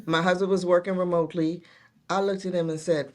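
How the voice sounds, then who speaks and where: Earnest middle-aged woman, lower voice. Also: flat delivery, a little fast, darkish tone. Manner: earnest, heartfelt storytelling with many restarts. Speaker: guest, nurse executive. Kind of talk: casual interview chat.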